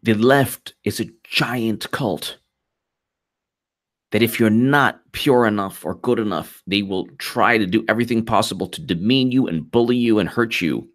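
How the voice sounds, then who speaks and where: A man hosting a live political commentary stream, talking fast and animated, repeating himself and mocking opponents. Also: fairly low pitch. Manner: animated, repetitive, mocking quoted voices.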